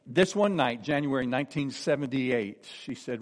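A preacher in his sixties shares an earnest personal testimony, telling his story warmly with lively intonation at a normal speed. Each time he quotes someone, his voice goes soft and low.

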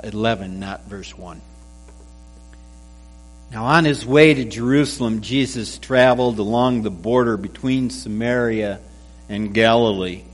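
A man preaching a sermon, telling a joke with character voices before reading scripture and explaining it. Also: fairly low pitch. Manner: slow, measured delivery with a joke told in voices. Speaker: pastor. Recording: faint mains hum.

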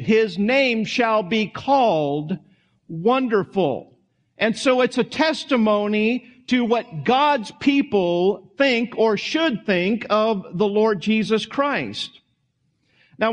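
Male pastor with a high voice, delivering a relaxed, folksy sermon that wanders into asides. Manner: conversational, folksy, with small asides and restarts.

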